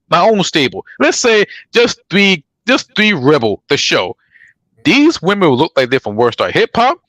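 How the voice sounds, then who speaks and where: Animated, rambling male podcast co-host. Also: on the high side, moderate pace, no echo. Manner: animated, rambling, profane, restarts often. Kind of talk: casual chat about pro wrestling.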